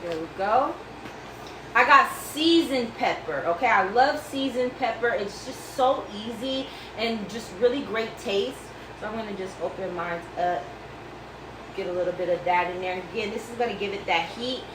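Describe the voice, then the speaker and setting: Woman host, fairly high voice, chatty home-cook demo, noisy kitchen. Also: expressive, normal speed, echoey room, far from the mic. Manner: chatty, reassuring, calls viewers baby and girl. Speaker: cooking vlog host. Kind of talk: casual cooking demonstration.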